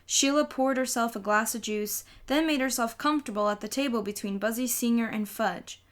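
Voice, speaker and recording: A woman reading a children's novel aloud in a lively storytelling way. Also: fairly high pitch, fairly quick. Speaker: audiobook reader.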